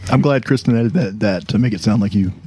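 Husky, low, deadpan male co-host, dry sound. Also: fast talker. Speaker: podcast co-host. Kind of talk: casual chat among friends.

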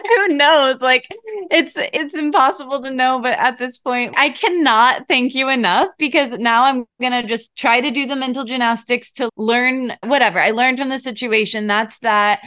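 A woman's voice: on the high side, moderate pace, pushed and bright, dry recording, studio quality. A woman talking as a podcast guest in casual conversation, rambling and emotional, with lots of filler words.

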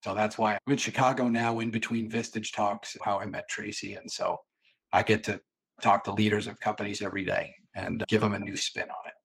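Animated storytelling man from Boston. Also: fairly low pitch, a little fast, vocal fry, husky. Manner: animated storyteller who acts out quotes. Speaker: sales consultant and guest. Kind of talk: storytelling in a podcast interview.

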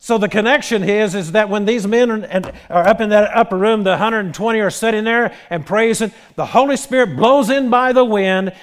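A man preaching a sermon as pastor, animated, retelling scenes with quoted dialogue and frequent restarts. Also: high voice, a little fast, hardly any pauses.

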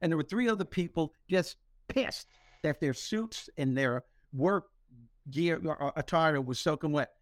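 A man hosting a podcast, telling stories with humor in an animated, motivational way. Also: on the high side, a little slow, no echo, studio quality. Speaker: podcast host. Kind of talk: motivational storytelling talk.

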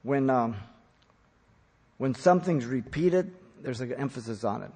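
A man preaching a teaching sermon on scripture, stressing key words loudly and then dropping to quiet asides. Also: mid-range voice, animated, normal speed, breathy edge. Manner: emphatic, swings from loud stresses to quiet asides. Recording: long reverb of a large hall.

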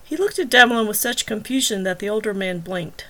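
A woman narrates her own serialized novel, chapter by chapter, at a measured and even pace. Her voice sits at a middle pitch for a woman and stays steady through the narration. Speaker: author and audiobook narrator.

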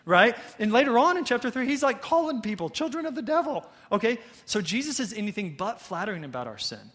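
A man preaching a sermon to his congregation, conversational and animated, often checking in with "right?" and "okay?". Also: very high-pitched, fast talker. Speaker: pastor.

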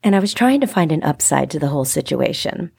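A woman's voice: sits low, big pitch swings, fast talker, vocal fry, a little mellow, breathy edge, no echo, clean studio sound. A woman hosting her own lifestyle podcast solo, cheerful and encouraging, laughing often as she talks. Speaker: podcast host, lifestyle coach. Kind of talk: upbeat solo podcast monologue.

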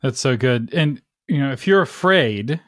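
Man, mid pitch, very animated intonation, teaching tone, dry close mic. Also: a little slow, dry recording. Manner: explanatory, preacher-like, checks in with "right?". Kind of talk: casual faith conversation.

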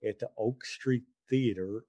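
A man in his sixties hosts a casual podcast monologue, chatty and rambling in a homespun way. His voice is mellow and warm, set at an ordinary middle pitch. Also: unhurried. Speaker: podcast host.

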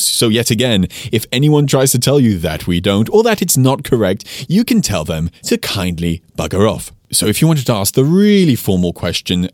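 Male teacher, podcast host: low, animated delivery, slows down on example phrases, dry booth sound. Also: no room sound. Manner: lively, explains with slowed-down French examples. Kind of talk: casual podcast lesson.

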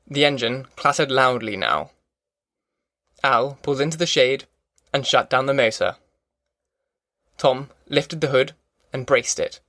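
Male audiobook narrator; mid-pitched, even and measured, recorded dry and close. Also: dry recording. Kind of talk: scripted narration.

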